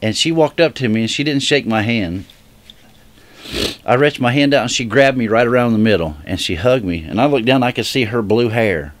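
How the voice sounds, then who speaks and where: A man giving an emotional personal religious testimony straight to viewers. He speaks earnestly and haltingly, often restarting his sentences. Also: mid-range voice, animated, dry recording. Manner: earnest direct appeal to viewers. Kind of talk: heartfelt personal testimony to camera.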